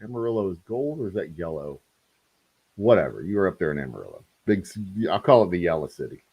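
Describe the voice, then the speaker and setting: A man's voice: sits low, very animated, fast, vocal fry, husky, muffled recording. A man, hosting a casual distillery livestream and chatting to viewers with rambling, joking asides. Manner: rambling, talks to chat, self-deprecating jokes.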